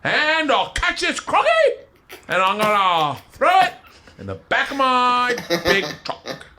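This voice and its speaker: A man's voice: very high-pitched, wildly swooping pitch, slow, sharp tone, a little hiss or hum, voice pushed up, exaggerated voice. A man playing a brash Australian outdoorsman in a put-on mock Australian accent. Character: boisterous Australian bloke, adult male, brash outdoorsman.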